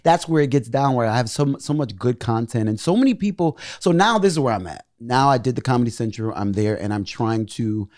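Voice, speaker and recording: Man, young adult, comedian guest, excitable storyteller, swears a lot, mid pitch. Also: a little fast, few pauses, no room sound, clean studio sound. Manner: excitable, swears freely, many restarts. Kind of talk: animated storytelling in casual chat.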